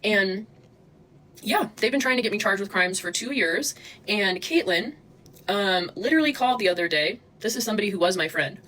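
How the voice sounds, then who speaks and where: A woman with a mid-range, expressive voice streams live from her phone at a moderate pace, her tone pushed and bright over poor audio. In this livestream rant she confronts people in her chat, angry, profane and combative.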